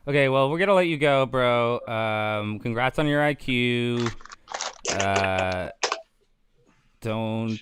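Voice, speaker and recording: Man hosting a livestream, teasing and laughing a lot, lively up-and-down delivery at a middling pitch. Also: takes it slowly, pauses often, background noise. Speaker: livestream talk show host. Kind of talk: casual chat.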